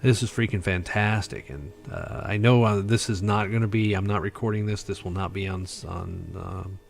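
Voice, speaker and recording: A man's voice: low-pitched, moderate pace, creaky. A tired man hosting a casual livestream chat, rambling with lots of fillers. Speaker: livestream host.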